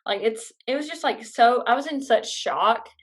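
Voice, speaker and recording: A woman's voice: on the high side, animated, normal speed. A young woman vlogger casually telling a personal story, chatty and full of fillers. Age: young adult.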